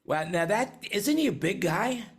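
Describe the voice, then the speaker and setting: A man's voice: high-pitched, very animated, measured pace. An older man from New York hosting a casual panel chat on current events over a video call, rambling and chatty with many restarts. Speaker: host.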